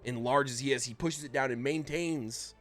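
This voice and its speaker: A man running a tabletop game as game master, narrating combat and explaining rules in a casual, halting way full of restarts. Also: medium pitch, fairly bright tone, faint music behind.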